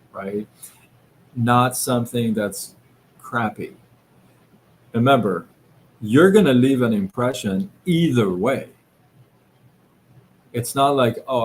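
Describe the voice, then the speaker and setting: A man hosting a live stream, giving a casual motivational talk in a slow, reflective way, with many fillers and restarts. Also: mid-range voice, slight background noise. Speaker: livestream host. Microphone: live-stream setup.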